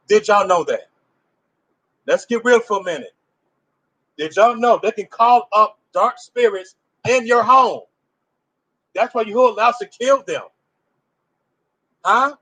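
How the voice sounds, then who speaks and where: A man's voice: sits high, bright, forceful tone, rough recording. A man giving an informal religious teaching in an emphatic, conversational way, pressing his listeners with rhetorical questions. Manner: loose conversational phrasing with restarts.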